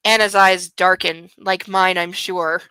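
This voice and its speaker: A smug young billionaire lover narrates his own craving in a crisp, bright voice, as a woman reads him from a novel. He leans into his words with breathy, drawn-out emphasis. The sound is close and dry. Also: on the low side, steady tone, dry recording, poor audio. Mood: brooding. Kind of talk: dramatic reading of a novel.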